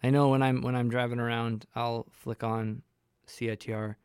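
A young man hosting a college radio show, rambling and self-deprecating, with plenty of ums and uhs. His voice is smooth and resonant. It is recorded dry and close on a studio mic. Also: mid-range voice, flat delivery, moderate pace, a little mellow, no echo. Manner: rambling, self-deprecating, hesitant with many fillers. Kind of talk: casual radio chat. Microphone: studio microphone.

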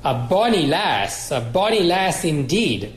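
A man reading aloud and voicing a bossy, defiant plump girl cousin with a shrill, demanding tone. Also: moderate pace, echoey room, slight background noise, natural voice. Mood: mock-hearty.

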